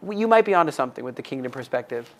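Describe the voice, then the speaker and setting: Storyteller, from the US, animated, mid-pitched, casual chat. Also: racing. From United States. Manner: animated storyteller acting out quoted voices, laughing often. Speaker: storyteller on a faith podcast.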